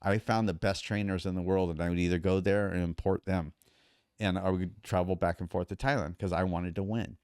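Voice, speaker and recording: Low, smooth-voiced male storyteller. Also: a little fast, no room sound, studio quality. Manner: animated storyteller with many restarts. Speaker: podcast guest, endurance athlete. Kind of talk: casual storytelling.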